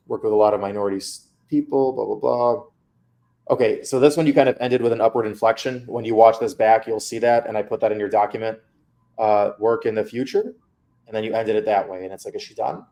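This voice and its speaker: A man's voice: lowish voice, level tone, fairly quick, warm tone. A man coaching a student through feedback on her mock interview, candid and casual.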